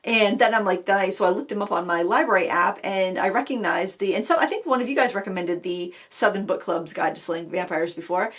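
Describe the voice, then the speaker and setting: A middle-aged woman hosting a casual craft livestream chat, talking in a rambling, chatty way with many restarts and fillers. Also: mid-range voice. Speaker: craft channel host.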